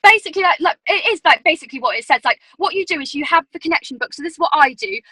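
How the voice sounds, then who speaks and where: Chatty young woman, high bright voice. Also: animated, racing, no echo, rough recording. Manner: chatty, filler-heavy storytelling with many "like"s. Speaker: team leader giving sales training. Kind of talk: casual training call.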